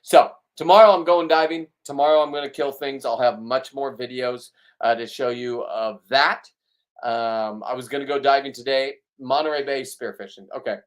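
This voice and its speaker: Middle-aged man, blunt, ranting, rambling vlog monologue, mid-pitched voice. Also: fairly even intonation, moderate pace. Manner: blunt, riled up, rambling with restarts. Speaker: vlogger. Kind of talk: ranting casual monologue to camera.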